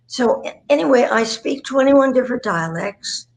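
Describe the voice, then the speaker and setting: A woman in her nineties chats as an interview guest, spinning rambling anecdotes with a wry, self-deprecating humor. Her voice sits a little on the high side. She is a voice performer swapping show-business stories. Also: animated, normal speed, a crowd in the background, low-quality recording. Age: 90s. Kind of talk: chatty storytelling interview.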